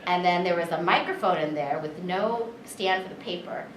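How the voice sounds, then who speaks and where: A woman's voice: on the low side, moderate pace, background noise. A woman voice actress telling stories at a convention interview, talking in a chatty, filler-heavy way and animatedly retelling what happened. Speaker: voice actress and director. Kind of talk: convention panel interview, storytelling. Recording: echoey room, distant mic, background chatter.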